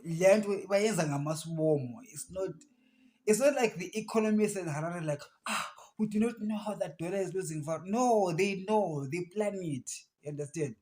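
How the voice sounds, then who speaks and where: Stammering Zimbabwean man, fairly high voice. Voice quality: stammers, with blocks and restarts. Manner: emphatic, rising to animated outbursts. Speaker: channel host. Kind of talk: casual commentary to viewers.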